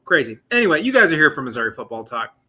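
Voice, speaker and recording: Host type, late-20s guy, rambling live sports chat, bright edgy tone, a bit high. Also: sing-song, very fast, breathy edge. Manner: rambling, chatty, lots of fillers and asides. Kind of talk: casual live sports talk stream.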